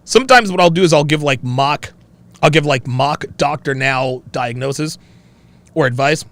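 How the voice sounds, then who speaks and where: A man hosting a livestream, reading chat and joking in an animated, laugh-filled style. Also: on the high side, moderate pace. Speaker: host. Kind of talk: casual livestream commentary.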